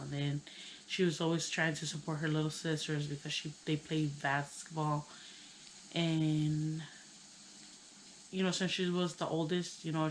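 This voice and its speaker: A woman in her thirties telling a personal story on her channel, tearful and halting, with many pauses and fillers. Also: sits low, a little hiss or hum, rough recording. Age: 30s. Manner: hesitant, halting, full of "you know". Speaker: vlogger.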